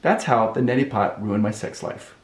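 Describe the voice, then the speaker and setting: A man hosting a vlog, telling a comedic story in an animated, expressive way. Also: medium pitch, normal speed. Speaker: vlog host. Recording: echoey room.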